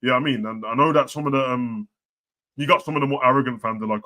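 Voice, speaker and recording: A man talking football with a friend in slangy chat, jumping between loud outbursts and muttered asides. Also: medium pitch, quick pace. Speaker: football podcast host.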